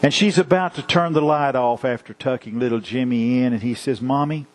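A man's voice: medium pitch, a little hiss or hum, rough recording. A man preaching a sermon with rhythmic repetition and illustrative stories. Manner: measured, rhythmic repetition; storytelling.

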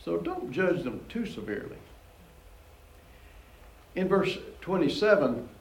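Unhurried and chatty, a man preaches an informal Bible teaching, reading verses and commenting with frequent chuckles and animated lifts in pitch. The recording is low quality, with an echoey room.

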